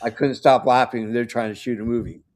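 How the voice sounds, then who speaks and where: A man co-hosting a casual chat, telling an animated story and laughing when he gets nervous. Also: medium pitch, a little fast.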